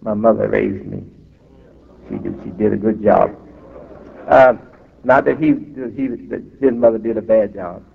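An imam with a lowish, creaky voice preaches emphatically, drawing out his words and breaking off for asides. He's heard via a tinny recording in a reverberant hall.

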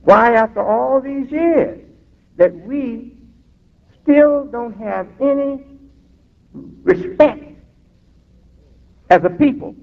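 A man preaching a sermon as an imam, emphatic and drawn-out, breaking off for asides, heard through a tinny recording in a reverberant hall. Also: very high-pitched, lively intonation, creaky.

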